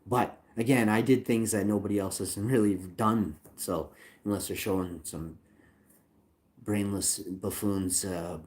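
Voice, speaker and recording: A man's voice: on the low side, fairly even intonation, a little slow, a little mellow. A man ranting angrily on a livestream about a support chat, swearing, repeating himself and reading chat lines aloud. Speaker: channel owner livestreaming a complaint. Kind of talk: angry livestream rant.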